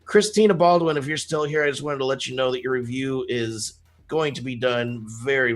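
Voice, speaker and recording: A man's voice: mid-range voice, fairly quick. Joking casual male live show host. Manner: joking, loose, shout-outs to viewers.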